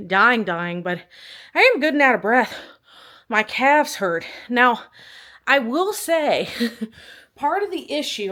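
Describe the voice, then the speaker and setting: In a casual, chatty workout vlog from her living room, a young woman on a clip-on mic rambles and pokes fun at herself. Her voice is on the high side and fairly bright.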